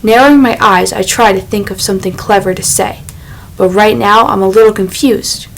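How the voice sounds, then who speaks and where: A woman narrating a first-person young adult novel in a measured, unhurried reading voice. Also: medium pitch, steady tone, low-quality recording. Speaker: audiobook narrator.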